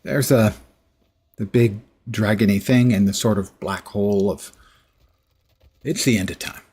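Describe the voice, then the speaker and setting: A man's voice: lowish voice, measured pace, darkish tone, slightly rough. A middle-aged man streaming a game, giving casual commentary with dry, sarcastic asides.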